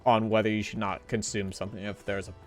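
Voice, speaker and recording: A man's voice: on the low side, level tone, fast, soft background music. A man chatting casually while playing a game with friends, laid-back and laughing, rambling through his thoughts. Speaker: gamer on a group stream. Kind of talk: casual chat while gaming.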